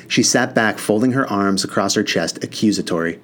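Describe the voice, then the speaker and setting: A man's voice: fairly low pitch, moderate pace, hardly any pauses, a bit bright, a little hiss or hum. A man reading a first-person novel aloud in an earnest, casual voice with mild swearing. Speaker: audiobook narrator.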